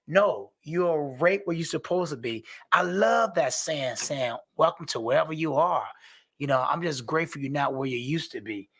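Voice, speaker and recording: A man's voice: a little high, expressive, moderate pace, a bit bright, breathy edge. A man talking earnestly and animatedly about recovery as a peer worker and sponsor, often saying "you know". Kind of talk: casual conversation.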